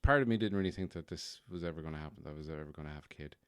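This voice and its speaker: A man's voice: very deep voice, rapid-fire, clean tone, no room sound, studio quality. A man hosting a podcast, rambling wryly and poking fun at himself in a casual monologue. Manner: wry, self-deprecating, rambling. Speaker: podcast host.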